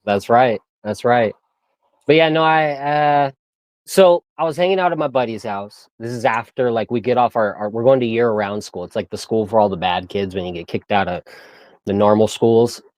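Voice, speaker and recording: A laid-back young man spinning casual stories in loose slang, breaking into laughs as he mimics other voices. His voice sits at a medium pitch and sounds close and dry, with no room echo. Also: normal speed, darkish tone. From San Diego area. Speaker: guest. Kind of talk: casual storytelling.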